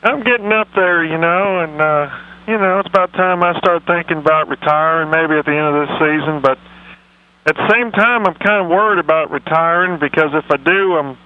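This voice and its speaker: A man putting on a dim, rambling, folksy old football coach, talking slowly on a phone-in. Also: on the high side, phone-quality sound, lightly acted. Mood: folksy, proud. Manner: slow, meandering, folksy drawl. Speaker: comedy phone-in character. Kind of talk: radio comedy impression.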